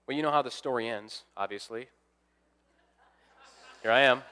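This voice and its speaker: A man's voice: mid-range voice, moderate pace, sharp tone, clean tone. A young adult man, an assistant pastor, preaching a sermon as a personal story and acting out the dialogue.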